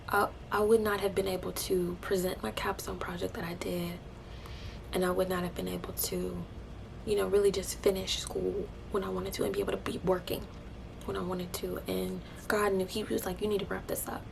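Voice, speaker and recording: A young woman telling a personal faith testimony, emotional and animated, dropping into breathy hushed asides. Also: medium pitch, normal speed, background noise. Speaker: vlogger sharing a faith testimony.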